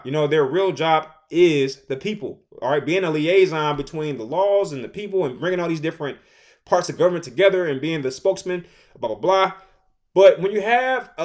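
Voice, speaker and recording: A man in his thirties giving casual opinion commentary, animated and repetitive, with slang. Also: a little high. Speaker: commentary host.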